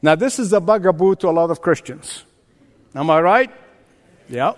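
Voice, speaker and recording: Older man, pastor, high voice, emphatic preaching, call-and-response, long hall reverb. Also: lively intonation, normal speed. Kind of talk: sermon.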